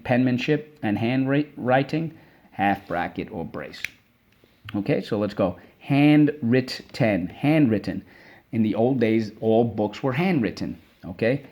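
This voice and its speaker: Low-voiced teacher drilling spelling words. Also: male voice, darkish tone. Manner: drills words slowly, syllable by syllable. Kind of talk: spelling lesson for kids.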